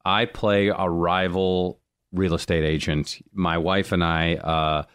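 A man's voice: low-pitched, slow pace, clear, resonant tone. A middle-aged man, an actor, telling stories in casual chat and acting out the people he quotes. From born in Rome, raised American. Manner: animated storyteller, acts out quoted people in raised voices. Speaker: actor guest.

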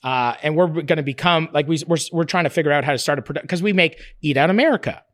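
A man's voice: a little high, fast talker, no echo, studio quality. A man talking in a casual interview, rambling and profane, with frequent restarts and laughter in his stories. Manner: animated, laughs while telling stories. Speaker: interview guest, cooking show creator.

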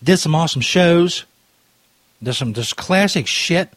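This prank call show host speaks in a slightly high, bright, animated voice at an unhurried pace, with no echo. He drinks while rambling into a studio mic, profane and tipsy, wandering off topic in crude, loose banter.

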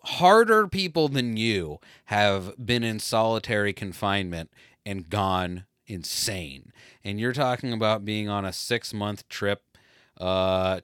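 A man's voice: lowish voice, measured pace, fairly bright tone, smooth, dry recording, studio quality. A man in his late thirties telling a rambling, self-deprecating story in a casual solo monologue. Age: 30s.

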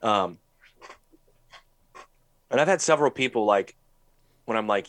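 A man with a lowish voice speaks bluntly on a podcast, swearing freely and pushing strong opinions. His delivery is lively, rising and falling a lot in pitch, and the sound is close and dry. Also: a little slow, pauses often, dry recording. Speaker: podcast co-host. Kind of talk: casual chat.

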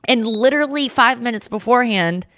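A woman's voice: fairly high pitch, expressive, fairly quick, a bit bright, no echo, clean studio sound. A young woman hosting a podcast, telling stories in casual chat with many fillers and an emotional tone. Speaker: podcast host.

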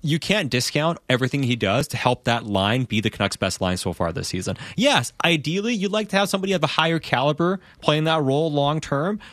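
A man's voice: on the high side, expressive, brisk, few pauses, a bit bright, no echo, studio quality. A man hosting a sports talk podcast, laying out his analysis with rhetorical questions. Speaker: podcast host.

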